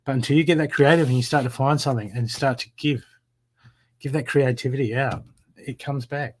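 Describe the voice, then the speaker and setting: A man doing live-stream card readings, talking warmly and repetitively to viewers by name. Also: medium pitch, fairly even intonation, fairly quick. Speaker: psychic reader.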